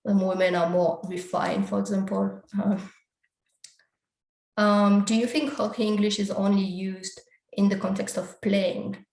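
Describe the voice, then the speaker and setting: A woman's voice: medium pitch, little pitch movement, unhurried, darkish tone, reverberant, poor audio. A woman giving an academic conference talk, walking through slides and explaining survey results step by step. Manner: explanatory, steps through results with frequent quotes of survey questions.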